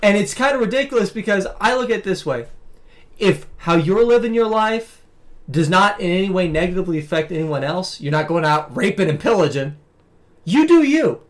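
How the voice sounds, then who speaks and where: A man with a high voice co-hosts a podcast in casual chat. He talks thoughtfully and weighs each point as he goes. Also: a little fast. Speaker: podcast co-host.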